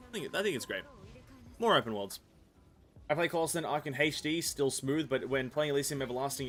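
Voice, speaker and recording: A man streams a game in an easy, rambling commentary. He often corrects himself and swears now and then. His voice sits at an ordinary middle pitch, and soft game music plays faintly behind him. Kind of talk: casual gameplay commentary while reading game text aloud.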